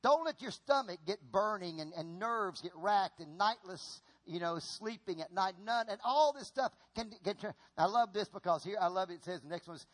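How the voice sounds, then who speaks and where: Animated high-voiced male preacher. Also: moderate pace, hardly any pauses. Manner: animated preaching, repeats himself, asks the congregation to respond. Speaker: pastor. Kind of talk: sermon.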